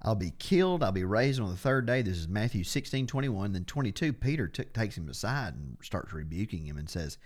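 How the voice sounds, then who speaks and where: A man's voice: lowish voice, fairly quick, hardly any pauses. A man teaching a Bible study on a podcast, who stresses and repeats key words as he explains them. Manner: steady explaining, restarts phrases.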